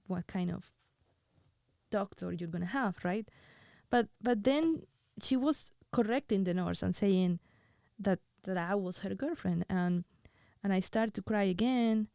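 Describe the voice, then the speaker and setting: A woman tells a personal story in a soft, halting manner, often stumbling over and repeating words. Her voice is mellow and warm. The recording is dry, with no room echo. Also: mid-range voice, creaky. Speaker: podcast host.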